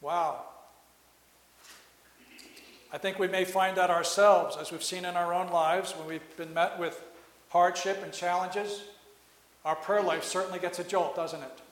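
A man preaching a sermon, telling a story and slowly repeating key phrases for emphasis. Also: high voice, steady tone, a bit bright. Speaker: pastor. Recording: echoey hall.

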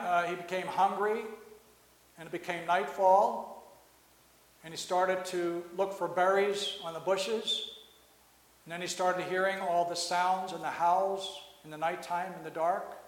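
A man preaching a sermon, telling a story and slowly repeating key phrases for emphasis. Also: high voice, steady tone. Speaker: pastor. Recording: echoey hall.

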